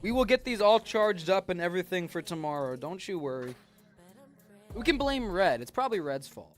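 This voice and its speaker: A man's voice: high voice, sing-song, brisk, soft background music. Playful, chatty man co-hosting a stream. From Virginia, US. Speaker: stream co-host. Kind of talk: casual livestream chat.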